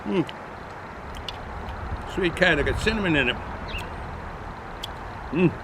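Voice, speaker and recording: A man's voice: on the high side, expressive, slow, background noise. Rambling Boston man reviewing beer outdoors. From New England, US. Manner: rambling, chatty, repeats himself with frequent fillers. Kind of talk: casual beer review vlog. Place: outdoors in cold weather.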